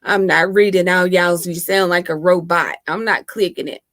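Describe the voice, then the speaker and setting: A woman's voice: fairly low pitch, fairly even intonation, moderate pace, a bit bright, no echo, clean studio sound. A woman hosting a casual livestream, chatting and laughing with viewers and teasing them, speaking into her laptop microphone at home. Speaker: livestream host. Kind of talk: casual live chat with viewers.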